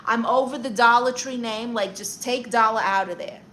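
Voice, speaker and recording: A brash, boastful aunt who appoints herself therapist, with a bright, pointed voice that sits a little high , as a woman puts her on. She fires back sassy comebacks while reading chat aloud on a livestream. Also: normal speed, a little hiss or hum, close to an everyday voice, poor audio.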